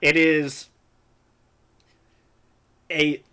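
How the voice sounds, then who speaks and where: A man narrating as game master of a tabletop role-playing game, pausing often with fillers. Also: a little high, flat delivery, bright, forceful tone, clear, resonant tone. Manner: hesitant, many fillers.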